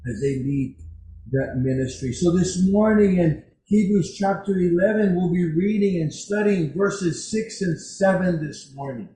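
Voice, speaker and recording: Male pastor, sermon with lively stories, higher-pitched voice, roomy echoey church with faint ambience. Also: a little hiss or hum. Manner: animated, personal storytelling. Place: church sanctuary.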